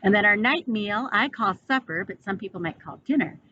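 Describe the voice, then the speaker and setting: A woman teacher reading a picture book aloud to children, pausing to ask them questions. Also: mid-range voice. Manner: slow, animated, asking children questions. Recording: dull, slightly noisy recording.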